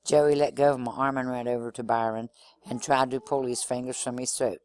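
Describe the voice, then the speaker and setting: A man reading a novel aloud in an expressive first-person storytelling manner. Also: mid-range voice, fairly quick. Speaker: reader.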